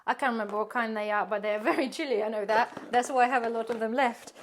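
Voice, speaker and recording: Woman, chatty, rambling, fairly high voice, casual home vlog tour. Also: steady tone, quick pace, slight background noise. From UK-based. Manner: chatty, rambling, laughs often. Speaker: prepping vlogger.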